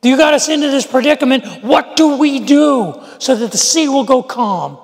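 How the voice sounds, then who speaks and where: A preacher puts on a crew of frightened sailors, high-pitched and raised. The questions come in an anxious rush, in a gravelly voice with long reverb. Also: male voice, lively intonation, moderate pace, full character voice. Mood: alarmed. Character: terrified merchant sailors demanding answers.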